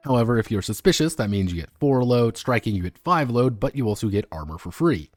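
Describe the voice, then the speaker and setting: A man's voice: medium pitch, lively intonation, brisk, darkish tone, no room sound, faint music behind. A man streaming a casual, rambling talk about tabletop games, full of fillers and the odd curse. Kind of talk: casual unscripted commentary. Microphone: streaming microphone.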